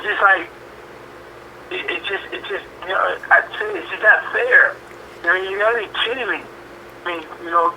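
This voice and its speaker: A man in his forties giving an interview as a boxer, talking in an animated way, repeating phrases and using lots of fillers. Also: sits high, slight background noise, poor audio. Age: 40s. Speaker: boxer guest. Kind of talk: interview talk.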